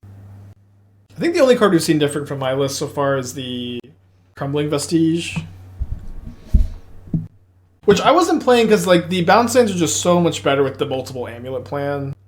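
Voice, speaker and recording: A man's voice: on the high side, normal speed, pauses often. Rambling Texan man streaming a card game. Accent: Texas. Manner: thinking aloud, rambling and excitable. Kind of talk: casual gameplay commentary.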